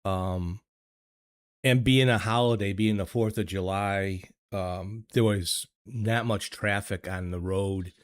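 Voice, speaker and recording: An older man, hosting a relaxed chat stream from his home studio. His voice sits low, and he talks very slowly. He stumbles over repeated words and chuckles between thoughts. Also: no room sound. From United States. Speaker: livestream host reading chat. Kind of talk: casual chat. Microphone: desk microphone.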